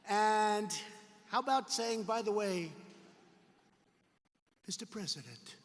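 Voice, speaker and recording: Man at a campaign rally, high-pitched and forceful, boastful and repetitive, echoing through a big arena. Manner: boastful, repetitive, mocking asides, bursts of shouting. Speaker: politician addressing a campaign rally. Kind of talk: rally speech. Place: large indoor arena rally. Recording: long arena reverb.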